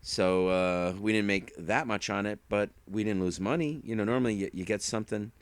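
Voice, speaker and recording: A man's voice: lowish voice, a little fast, no room sound. A man chatting casually as an online reseller, rambling through stories and acting out what people said. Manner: rambling storyteller who acts out quotes. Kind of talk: casual chat.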